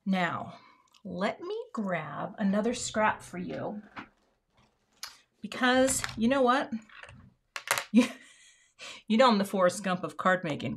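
A woman's voice: mid-range voice, animated, slow, gravelly, long pauses, slight background noise. A woman hosting a card-making livestream in casual chat, thinking aloud and dropping to murmurs while she works.

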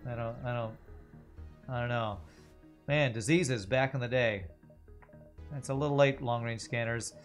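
A man giving casual gameplay commentary on a stream, mid-range in pitch and easygoing. He rambles from strategy to silly tangents, thinking aloud. Faint music plays underneath his voice. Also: unhurried, pauses often.

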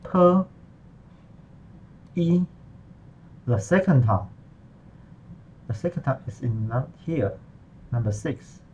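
Slow, patient male Mandarin teacher. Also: mid-range voice, animated, darkish tone, muffled recording, slight background noise. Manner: slow, patient walkthrough with non-native English. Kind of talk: screen-recorded tutorial lesson.

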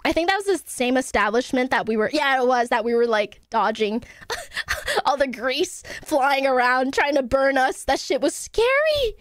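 A young woman streamer telling stories to her chat in an animated, swearing, laughing way. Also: high voice, moderate pace, no echo, studio quality. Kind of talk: casual stream chat to viewers.

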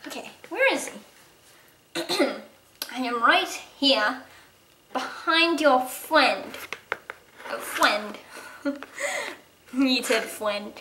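A woman's voice: high voice, lively intonation, very slow, long pauses, pushed and bright, echoey room, slight background noise. A woman improvising a toy-horse role-play, playfully switching between character voices and giggling now and then. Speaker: toy horse video creator voicing every character.

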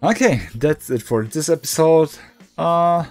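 A man playing a role-playing game, reading its dialogue aloud and thinking out loud in a relaxed, halting way. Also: fairly high pitch, soft background music. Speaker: let's play gamer.

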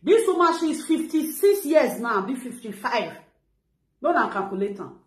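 A woman's voice: high voice, very animated, normal speed, echoey room. A middle-aged woman with a Nigerian Pidgin English accent, ranting animatedly on a live video and retelling what others said. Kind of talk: casual live-stream talk.

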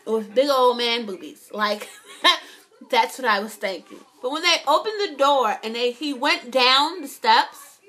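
A young woman vlogging a casual, animated TV recap, swearing a lot and often asking "right?". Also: on the high side, unhurried.

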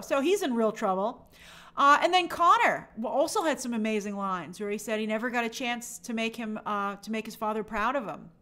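A chatty, animated woman hosting a live stream and reacting to viewer comments as she goes. Her voice sits a little high and has a bright, forceful edge, with plenty of energy in the delivery. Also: fairly quick. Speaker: host of a TV and film news show.

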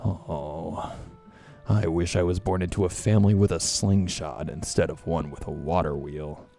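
A man's voice: deep voice, fairly even intonation, normal speed, gravelly, mellow, voice pushed down. A man voicing a whiny village boy in an exaggerated cartoon style. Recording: game music faintly behind.

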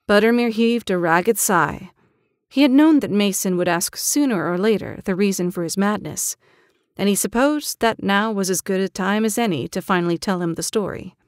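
A woman narrating an audio drama in a measured, dramatic storytelling style. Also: medium pitch, animated, dry recording, clean studio sound. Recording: narration over clear music.

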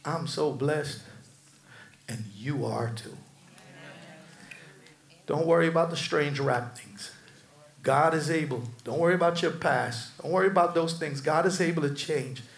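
A middle-aged American man preaching a sermon, swinging from shouted peaks to soft, low asides, with casual slang and humor. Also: unhurried, creaky, pauses often, echoey room. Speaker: pastor.

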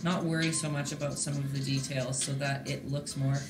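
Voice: mid-range voice, level tone, a little fast, roomy sound, music in the background. A host teaching a live-streamed painting lesson in a chatty, encouraging way, talking to viewers in the chat.

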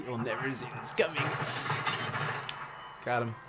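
A man streaming a shooter game, commenting casually with loud, swearing, trash-talking outbursts. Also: medium pitch, animated, slow pace, very noisy. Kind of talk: gameplay commentary.

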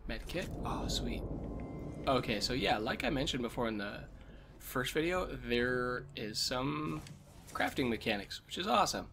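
A man with damaged vocal cords talking quietly and low as he commentates a game he is playing, coughing often. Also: animated, unhurried, creaky, slight background noise. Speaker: let's play host. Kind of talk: gameplay commentary. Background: game sounds and music.

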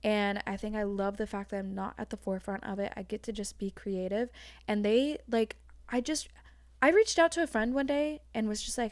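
A woman's voice: medium pitch, fairly even intonation, darkish tone, dry recording. A young woman talking frankly as a guest in a casual chat, her speech full of "like" fillers. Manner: frank, fast-flowing, heavy use of "like".

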